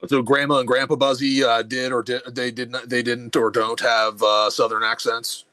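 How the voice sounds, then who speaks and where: A man hosting a call-in comedy stream, questioning a caller haltingly from his notes. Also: mid-range voice, level tone, sharp tone, no echo. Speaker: host. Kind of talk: mock-serious interview.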